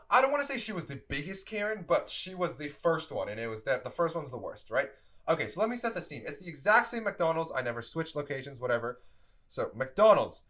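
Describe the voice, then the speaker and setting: A young man casually telling a story about his old fast-food job, animated and exasperated, with lots of "like". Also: on the high side. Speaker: streamer telling work stories.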